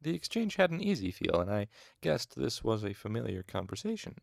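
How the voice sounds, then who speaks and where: A man's voice: lowish voice, very animated, brisk, gravelly, no room sound, studio quality. A man reading a fantasy novel aloud, stopping for chatty asides about how to say names. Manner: chatty asides, fixing pronunciations. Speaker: audiobook reader. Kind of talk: casual fan audiobook reading.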